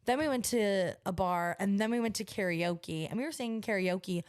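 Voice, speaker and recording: A woman's voice: mid-range voice, normal speed, clean tone, no room sound, clean studio sound. A young woman co-hosting a podcast, chatting casually in a bubbly, gushing way with lots of "like". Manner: bubbly, gushing, heavy use of "like". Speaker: podcast co-host. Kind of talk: casual chat.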